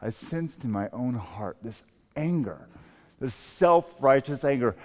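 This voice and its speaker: A man preaching a sermon as pastor, emphatic and swinging between loud and soft delivery. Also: medium pitch, lively intonation, slow. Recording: long reverb of a large hall.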